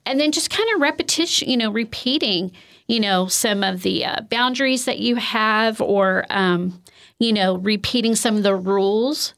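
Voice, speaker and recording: A woman's voice: mid-range voice, moderate pace. Casual chatty woman giving a training talk. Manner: conversational, many fillers like "you know" and "um"; acts out example phrases in a gentle coaching tone. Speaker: trainer on de-escalation. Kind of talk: informal recorded training talk.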